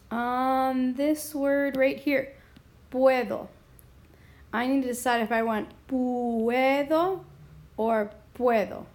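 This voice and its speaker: Clearing her throat here and there, a Spanish teacher with a somewhat high voice takes her time explaining a grammar lesson.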